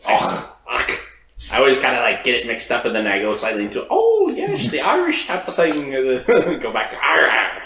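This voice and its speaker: A man's voice: mid-range voice, sing-song, fairly quick, sharp tone. Guy player, laughy and self-mocking, voice swoops all over, echoey and hissy. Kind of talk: casual banter at a game table. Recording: echoey room with hiss.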